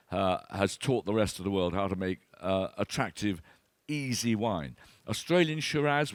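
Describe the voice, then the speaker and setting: A man's voice: on the low side, dry recording. An older man, giving an enthusiastic, anecdotal talk as a wine expert. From Britain. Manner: enthusiastic storyteller, animated, acts out voices.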